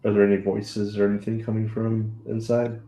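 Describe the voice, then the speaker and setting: A man's voice: lowish voice, completely flat delivery, brisk, warm tone, lo-fi sound. A man playing a tabletop game, asking the game master questions. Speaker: player.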